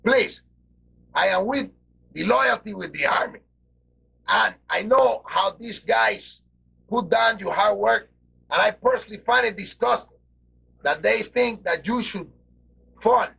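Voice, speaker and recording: A man's voice: sits high, animated, a little slow, gravelly, pauses often, a bit bright, slightly rough. A man doing wrestling color commentary, theatrical and grandiose in broken English. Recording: dull lo-fi TV broadcast audio.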